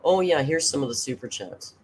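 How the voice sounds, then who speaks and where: A woman's voice: very deep voice, lively intonation, fairly quick, breathy edge. A woman hosting a casual livestream reaction, sarcastic and swearing freely as she reads comments aloud. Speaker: reaction streamer host.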